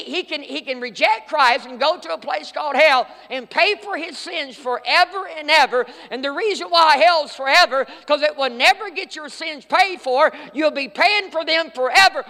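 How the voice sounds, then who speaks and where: A middle-aged man preaching a fervent sermon in a church, swinging between loud cries and hushed tones. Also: very high voice, big-room sound. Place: church sanctuary.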